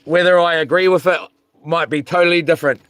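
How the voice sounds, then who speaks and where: A man's voice: on the high side, fairly even intonation, fast, fairly bright tone, slight background noise. A man hosting a casual live stream outdoors by the sea at night, rambling and hesitant with many ums. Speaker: channel host live-streaming.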